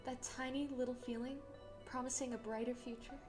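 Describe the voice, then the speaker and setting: A young dragon girl from a visual novel, voiced by a woman, speaking in a fairly high, earnest voice. She confides her worries softly, an anxious dreamer clinging to hope. Faint game music plays underneath. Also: little pitch movement, brisk, lightly acted. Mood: hopeful.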